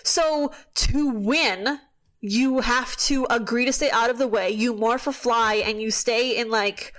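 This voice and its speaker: A woman hosting a podcast, casually recapping a book with animated storytelling, quick asides and some swearing. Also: on the high side. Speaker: podcast host.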